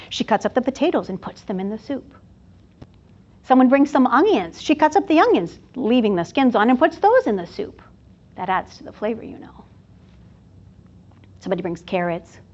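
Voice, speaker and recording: A woman presenter at a university event, telling a fable in an expressive storytelling manner. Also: a little high. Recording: dull lo-fi sound.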